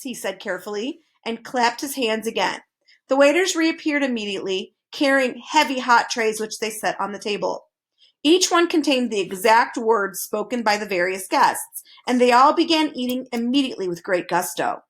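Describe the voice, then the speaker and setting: A woman narrating a children's storybook aloud. Her reading is lively and animated, with wide swings in pitch and a fairly high voice. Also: normal speed.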